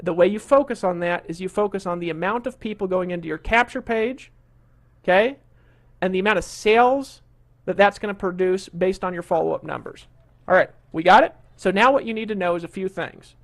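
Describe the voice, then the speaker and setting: A high-pitched man hosting an online marketing webinar. He is middle-aged and talks like a pushy salesman, full of fillers and repeats. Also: brisk. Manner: pushy salesman, scolds a complainer. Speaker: webinar host.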